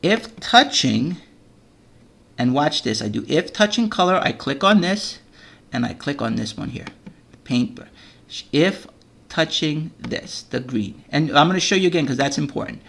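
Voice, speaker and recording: Gravelly-voiced man teaching kids to code. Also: on the high side, lively intonation, measured pace, a bit bright, slight background noise. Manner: patient step-by-step explaining, frequent "okay?" checks. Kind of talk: screen-recorded coding lesson for children.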